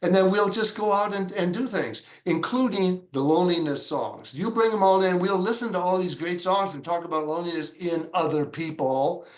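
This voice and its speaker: A man, a pastor, telling stories in an interview with a fairly high voice that leaps about as he acts out other people's words. The recording sounds roomy and echoey. He speaks in a lively, conversational way. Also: moderate pace, few pauses. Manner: animated, acts out quoted dialogue with big pitch jumps. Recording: echoey room.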